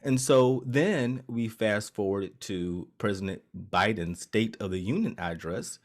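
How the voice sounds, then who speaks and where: A man's voice: on the low side, unhurried. A man co-hosting a podcast in casual chat, hesitant with many fillers and restarts, laughing often. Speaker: podcast co-host.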